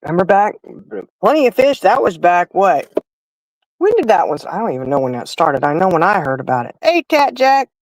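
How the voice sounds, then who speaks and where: Middle-aged woman chatting on her stream, lowish voice, dry close sound, just rambling along telling stories to the viewers. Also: very animated, fairly quick, a little mellow, no room sound, rough recording. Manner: chatty, storytelling, talks straight to the viewers. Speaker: livestream host. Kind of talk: casual chat.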